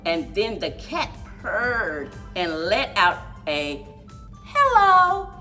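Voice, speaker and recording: A woman, a children's librarian, reading a picture book aloud with expressive storytelling. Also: on the low side, slow, faint music behind. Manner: expressive storyteller, big swoops for animal noises.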